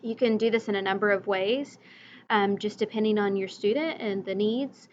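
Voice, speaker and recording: A woman teacher giving a recorded reading lesson, slowly modeling vocabulary words and letter sounds for young children and their parents. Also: medium pitch, highs cut off, a little hiss or hum.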